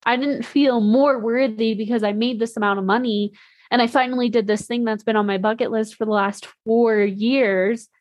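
A young woman hosting a podcast delivers a candid, rambling casual monologue, full of "like" fillers and casual swearing. Her voice is a little high and darkish in tone, with fairly even intonation and a moderate pace, recorded dry.

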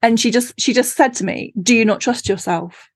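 A woman's voice: on the high side, moderate pace, husky, dry recording, clean studio sound. A woman, a podcast guest and author, telling stories in a casual chat and acting out her own reactions with laughs. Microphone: remote call.

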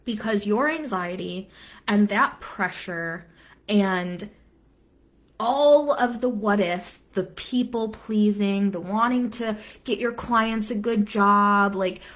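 A woman's voice: mid-range voice, slow, fairly bright tone. A young adult woman business coach giving an earnest live-stream talk, repeating phrases for emphasis and dropping casual asides.

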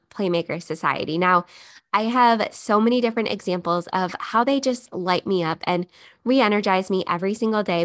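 A woman in her thirties hosting a solo podcast, talking in a heartfelt, emotional way. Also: medium pitch. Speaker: podcast host.

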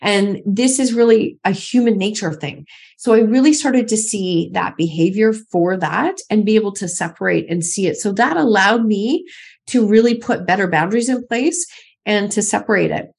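A woman's voice: medium pitch, lively intonation, normal speed, creaky, darkish tone, slightly rough. A middle-aged woman, a podcast guest, telling her own story candidly and emphatically, repeating phrases for stress.

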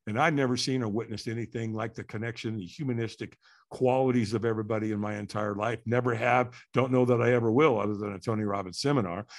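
A man telling a story as a podcast guest, animated and acting out quotes with sudden shouts. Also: fairly low pitch, fast talker.

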